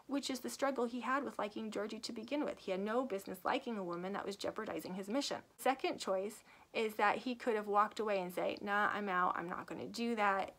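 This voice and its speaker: Woman author, chatty book-review vlogger; lively plot retelling with acted-out lines and easy laughter. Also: mid-range voice, fast talker, hardly any pauses. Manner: laughs often while talking. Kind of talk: casual book review vlog.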